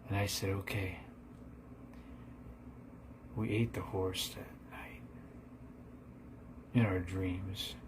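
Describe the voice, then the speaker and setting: Deadpan man spinning an absurd tale. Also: sits low, takes it slowly, pauses often, noisy background. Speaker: storyteller. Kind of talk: comedic absurd ghost story.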